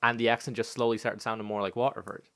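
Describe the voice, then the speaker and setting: A man's voice: quick pace, vocal fry. A young man in his twenties, raised in Spain, with an Irish accent that has an American tinge. He rants and swears freely on a casual podcast. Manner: animated ranting, swears freely, jumps high when exasperated. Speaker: podcast co-host.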